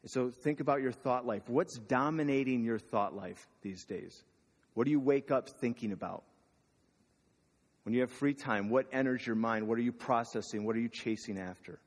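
A pastor with a mid-range voice preaches at a moderate pace, keeping the sermon casual and conversational by asking his listeners questions. The sound carries a long hall reverb.

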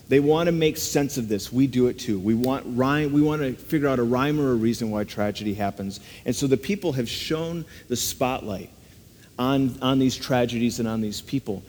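A man's voice: medium pitch, a little mellow. A man preaching a sermon in an earnest, conversational way, often turning statements into rhetorical questions. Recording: long reverb of a large hall.

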